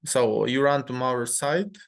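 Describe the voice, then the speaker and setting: A man reading a narrative game aloud and thinking through its choices. He speaks slowly and deliberately, with a rough, gravelly texture to his voice and frequent small pauses. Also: medium pitch. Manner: measured reading with fillers and restarts. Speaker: game streamer reading the story.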